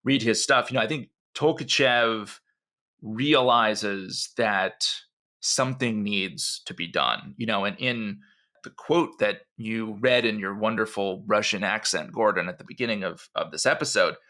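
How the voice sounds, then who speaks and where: A man with a lowish, sharp voice and a measured pace co-hosts a podcast, spinning a history story in a loose, conversational manner. Asides, frequent "you know"s, and restarts run throughout.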